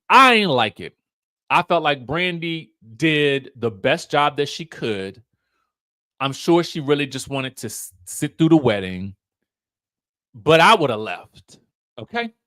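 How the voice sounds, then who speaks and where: A man giving a casual commentary recap of a reality show, chatty and emphatic, acting out what the cast said. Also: on the high side. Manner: animated storytelling, acts out quotes in raised voices.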